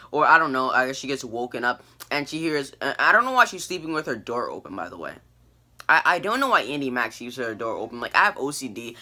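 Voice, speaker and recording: A teenage boy talks through an episode recap in a loose, rambling way, tripping over restarts and fillers. His voice is very bright and sits a little high for a guy. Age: teens. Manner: rambling, many fillers and restarts, animated quoting. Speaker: TV review vlogger. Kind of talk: casual recap and review.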